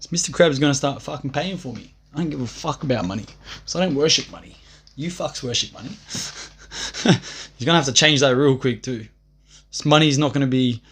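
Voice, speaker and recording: A young man holds forth on a livestream in a loose, profane ramble. His voice sits slightly high for a man, and he swaggers through it, laughing at his own jokes. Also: a bit bright.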